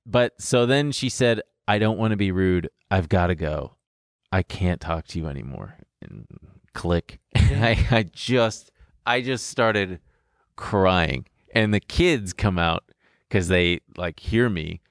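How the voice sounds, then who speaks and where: A young man casually telling a story in an animated way, laughing and swearing as he goes. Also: sits low, slow pace, dry recording, clean studio sound.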